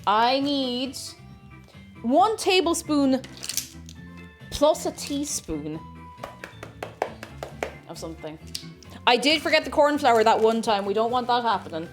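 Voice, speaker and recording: A young woman with an Irish accent talks through a baking session on a live stream, measuring ingredients and wandering off into asides. Her voice sits a little high, and quiet music runs faintly underneath. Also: big pitch swings, slow, long pauses. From Ireland. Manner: chatty, rambling, talks to herself while measuring. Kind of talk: casual chat while baking on a live stream.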